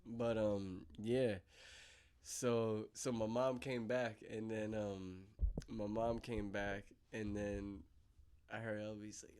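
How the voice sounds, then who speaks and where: A man's voice: fairly low pitch, little pitch movement, takes it slowly, a little mellow, clean tone. A young man hosting a podcast, telling childhood stories in a laid-back, slangy way. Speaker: podcast host. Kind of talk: casual chat.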